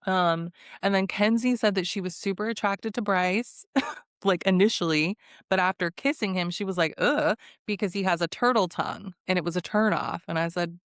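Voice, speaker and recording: A woman's voice: mid-range voice, moderate pace, dry recording, clean studio sound. A young woman hosting a casual, sarcastic recap vlog, chatting and laughing often. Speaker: recap host.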